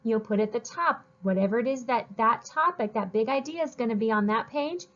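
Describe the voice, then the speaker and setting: A woman's voice: on the high side, animated, a bit bright, lo-fi sound. Teacher woman sounding out syllables. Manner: slow, sing-song, sounds out syllables and letters. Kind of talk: recorded writing lesson for young children.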